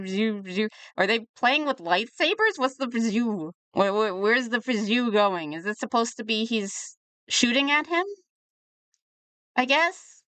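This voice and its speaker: Bright, sarcastic young woman reviewing a comic. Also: on the high side, no echo. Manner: chatty and sarcastic, riffing on the comic. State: tipsy from drinking. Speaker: webcomic reviewer. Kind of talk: casual comedic commentary.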